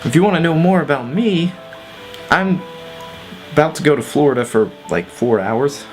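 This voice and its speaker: A man's voice: a little high, animated, moderate pace, a little mellow, soft background music. A man casually telling a personal story on his vlog, laid-back with lots of fillers and swearing. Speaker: vlogger.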